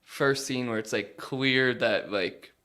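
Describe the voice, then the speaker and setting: A man's voice: medium pitch, slow, pushed and bright. Easygoing man hosting a podcast. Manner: easygoing, steering the show. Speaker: podcast host. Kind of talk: casual chat.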